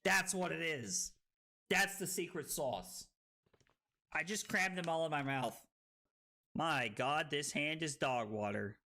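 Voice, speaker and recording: A tipsy man streaming a card game, excitable and profane, bursting between loud shouts and low muttering as he banters with chat. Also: takes it slowly, vocal fry, long pauses.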